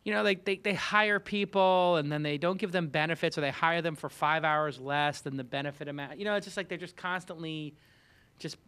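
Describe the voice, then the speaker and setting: Host type, Brooklyn man, slightly high voice, opinionated and jokey. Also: brisk, clean tone. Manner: animated, opinionated, joking rants. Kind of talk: casual roundtable chat.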